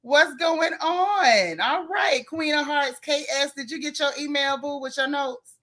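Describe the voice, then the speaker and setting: A woman's voice: high voice, unhurried, sharp tone. A woman hosting a casual livestream, greeting each viewer by name with pet names like girl, sis and boo. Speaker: livestream host.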